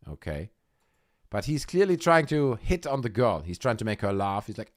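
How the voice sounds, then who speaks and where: A man's voice: on the low side, big pitch swings, normal speed. A man hosting a live online talk show, commenting sarcastically and mockingly on news clips. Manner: sarcastic, mocking, puts on silly voices. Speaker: livestream host.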